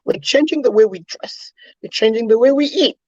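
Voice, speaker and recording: A woman with a fairly high, husky voice, co-hosting a casual talk show. She argues earnestly and presses her points with questions. The sound is dry and a bit dull. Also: fairly quick, darkish tone, no room sound. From Cameroon. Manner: earnest, emphatic, building arguments with questions. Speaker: co-host. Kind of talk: casual chat.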